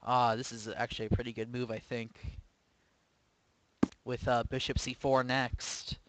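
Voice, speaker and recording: A man's voice: mid-range voice, flat delivery, unhurried, no echo, poor audio. A man commentating his own online chess game live, thinking aloud with hesitant, self-questioning remarks. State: sleepy, yawning. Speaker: chess streamer.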